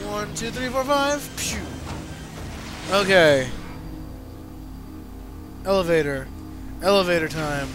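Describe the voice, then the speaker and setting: A man's voice: high voice, slow pace, long pauses. A young man commentating his own gameplay, panicking, yelping and pleading with the enemies on screen, then muttering as he reads and plays. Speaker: let's play gamer. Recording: game music behind the voice.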